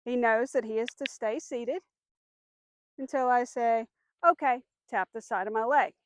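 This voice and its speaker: A woman dog trainer giving a clear, patient lesson outdoors, with firm short commands. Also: a little high, measured pace, a little hiss or hum. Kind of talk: instructional demonstration.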